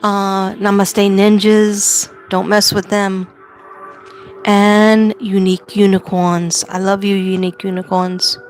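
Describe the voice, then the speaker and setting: A woman's voice: mid-range voice, flat delivery, slow, soft background music. A woman hosting a casual livestream from home, chatty and rambling, laughing often. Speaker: livestream host.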